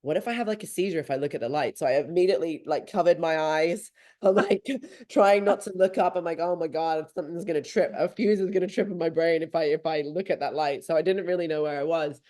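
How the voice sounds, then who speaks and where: A woman in her thirties hosting a podcast, telling a story in a lively, casual way and swearing freely. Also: deep voice, fast. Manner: animated, swearing freely, acting out her own thoughts. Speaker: podcast host.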